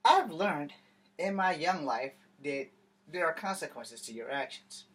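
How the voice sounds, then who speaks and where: A man's voice: fairly high pitch, lively intonation, a little slow, fairly bright tone, breathy edge. A man telling a story in a casual vlog rant, blunt and heavy on profanity. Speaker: vlogger. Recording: distant mic with faint ambient noise.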